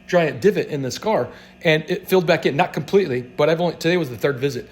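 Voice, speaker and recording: Fast-talking animated man telling stories. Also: fairly high pitch. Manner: animated, acts out quoted voices. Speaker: healthcare practitioner guest. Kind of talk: casual interview storytelling.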